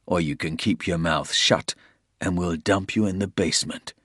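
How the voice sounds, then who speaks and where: A man's voice: low voice, fairly even intonation, moderate pace, a bit bright, no echo, clean studio sound. A man voicing a hard, menacing soldier who threatens a captive. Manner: threatening, snarling, blunt.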